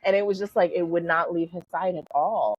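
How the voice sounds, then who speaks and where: A woman's voice: lowish voice, fairly quick, no room sound. A middle-aged woman guest on a podcast, chatting casually through a personal story with lots of "like" and "you know", laughing easily. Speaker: podcast guest, spiritual coach. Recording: slightly dull lo-fi sound.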